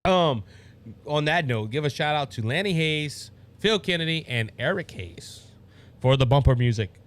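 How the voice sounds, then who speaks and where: A man's voice: on the high side, animated, normal speed. A man from Louisiana with a Cajun accent hosting a casual political talk show, rambling and restarting his sentences as he talks. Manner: rambling, stumbles over words and restarts, laughs at himself. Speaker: podcast host.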